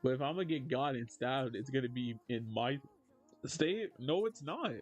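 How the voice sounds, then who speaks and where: A man streaming casually, reading chat aloud and answering in an animated, joking way. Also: mid-range voice, normal speed, soft background music.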